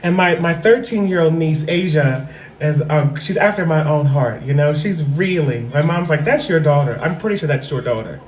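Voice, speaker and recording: A woman hosting a livestream, telling a story in a casual, animated way. She repeats phrases for effect and swears freely. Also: deep voice, a little hiss or hum. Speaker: livestream host. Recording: roomy echo.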